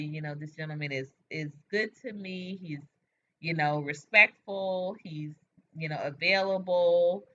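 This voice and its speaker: A woman hosting a late-night livestream, chatting frankly with viewers and answering their comments in an animated way. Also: sits low, unhurried, slight background noise. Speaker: livestream host. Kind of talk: casual chat with viewers. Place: home, at night. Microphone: webcam or phone mic. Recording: dull lo-fi livestream audio.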